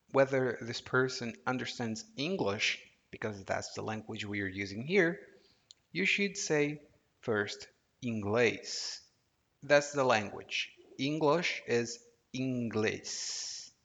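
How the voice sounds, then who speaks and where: Slow, patient male language teacher. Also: mid-range voice, very animated, gravelly, fairly bright tone. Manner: patient, deliberate, prompts listener to repeat. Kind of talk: audio language lesson. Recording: dull lo-fi audio with long reverb.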